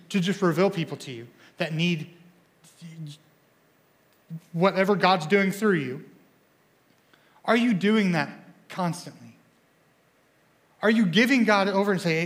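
A young man preaching a sermon as a student pastor in a church, energetic and excitable, often stumbling and repeating words as he speaks. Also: high voice.

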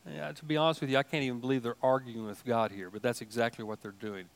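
An older man preaching a sermon in a folksy, animated way, mixing asides and jokes into his teaching. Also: medium pitch, quick pace, gravelly. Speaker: pastor.

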